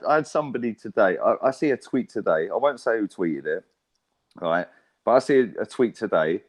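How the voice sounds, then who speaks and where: A young man, talking football on a fan show in blunt, emphatic casual chat with plenty of swearing. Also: lowish voice.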